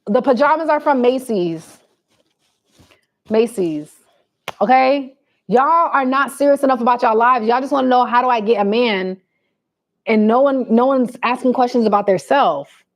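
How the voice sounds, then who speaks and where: A woman's voice: high-pitched, moderate pace. A woman vlogger giving blunt, preachy advice to her viewers in a casual chat.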